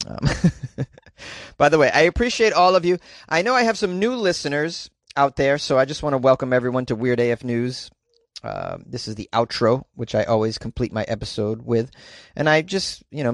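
A podcast host delivers a casual comedic monologue, rambling and poking fun at himself with plenty of fillers. His medium-pitched voice is recorded dry, at studio quality.

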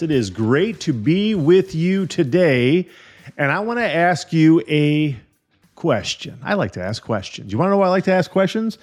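Man, podcast host, somewhat high voice, emphatic, repeats himself, quizzes the listener. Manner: emphatic, repeats key phrases, asks the listener questions. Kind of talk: energetic podcast monologue.

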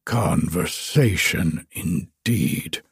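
A man voicing a vain, touchy firework rocket in a storybook, speaking in a self-important, complaining way with a breathy voice. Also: low voice, extremely slow, dry recording, clean studio sound, pitched below the performer's own voice, exaggerated voice. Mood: haughty.

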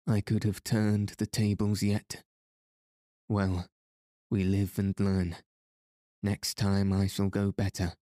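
A man's voice: fairly low pitch, completely flat delivery, slow, long pauses, dark tone, no room sound, studio quality. Dick: a man reading as an earnest young knight. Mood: rueful. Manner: earnest, old-fashioned courtly speech. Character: ardent young male knight, humbled but joyful. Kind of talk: audiobook reading.

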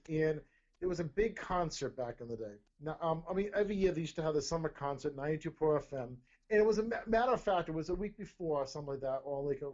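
Middle-aged male host, rambling casual chat, slightly high voice, dull lo-fi sound. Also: a little mellow. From Rhode Island, USA. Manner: rambling, repeats words and says "okay?" often. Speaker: podcast host. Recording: dull lo-fi audio.

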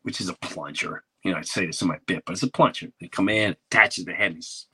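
Husky, forceful man telling a story. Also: low voice, fast talker. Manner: animated, rambling, acts out quotes. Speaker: podcast host. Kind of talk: comedic storytelling.

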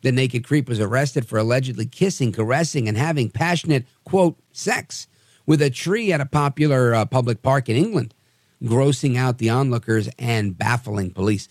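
A man hosting a podcast, telling odd news stories with wry, animated asides. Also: medium pitch, moderate pace, no echo. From New Jersey area. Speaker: podcast host. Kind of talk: casual news commentary.

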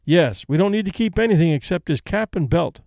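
A man voicing an elderly invalid Englishwoman who speaks in a brisk, composed, decisive way. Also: sits high, expressive, creaky, darkish tone, no room sound, studio quality.

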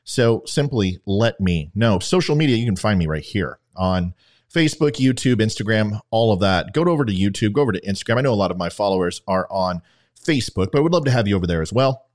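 A man's voice: fairly low pitch, expressive, fast, faint music behind. A man hosting his own political talk podcast, speaking to listeners in a combative, conversational way. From Louisiana. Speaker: podcast host. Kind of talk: opinionated political talk show.

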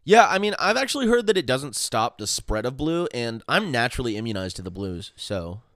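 Quipping man with a lively voice. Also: medium pitch, dry recording, studio quality. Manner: quick deadpan quips and short agreements. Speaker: podcast co-host. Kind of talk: casual comedy podcast chat.

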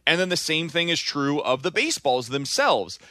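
A man's voice: fairly high pitch, big pitch swings, normal speed, sharp tone, dry recording, clean studio sound. A man co-hosting a sports radio show, talking in an emphatic, opinionated way. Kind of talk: casual sports talk.

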